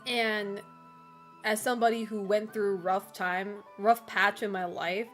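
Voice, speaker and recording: A woman's voice: medium pitch, a bit bright. A woman streamer chatting casually with her viewers, loose and filler-heavy, with frequent laughs. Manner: loose and chatty, full of "like" and "you know"; laughs often between remarks. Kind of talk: casual chat with a live chat.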